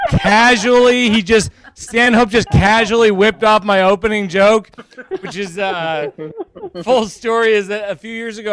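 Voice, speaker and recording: A man performing a stand-up comedy set, rambling and self-deprecating in a deadpan way. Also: sits high, smooth, no room sound. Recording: crowd laughter in background. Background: audience laughter.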